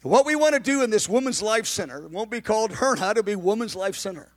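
Male pastor, high-pitched, animated sermon delivery that swings between emphatic shouts and chatty asides. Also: fast talker. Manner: conversational, with restarts and asides.

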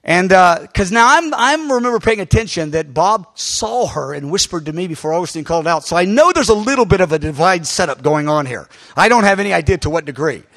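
A male pastor recounting a story from the pulpit in a high voice that swings widely in pitch. He talks in an animated way, stumbling over fillers and restarts, and now and then breaks into shouting. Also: a little fast, few pauses. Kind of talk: sermon storytelling.

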